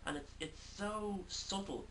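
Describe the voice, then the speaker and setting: A man's voice: sits high, measured pace, sharp tone. A man giving a casual video film review, talking hesitantly with many fillers. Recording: distant mic, faint background noise.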